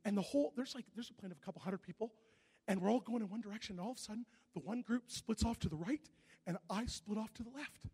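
A man preaching in a large hall, his voice high and a little husky. His storytelling is animated and builds to shouts, with a long reverb trailing every phrase. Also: fast talker. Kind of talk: sermon.

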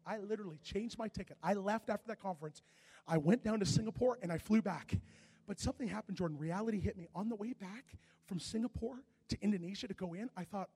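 High, husky-voiced male preacher in a reverberant hall. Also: fast talker. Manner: animated storytelling, shouting at peaks. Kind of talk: sermon. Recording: echoey hall with long reverb.

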